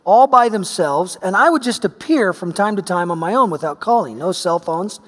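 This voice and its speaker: Middle-aged male preacher, high voice, animated storyteller, long hall reverb. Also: normal speed. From Oregon, US. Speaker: pastor. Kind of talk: sermon with personal story.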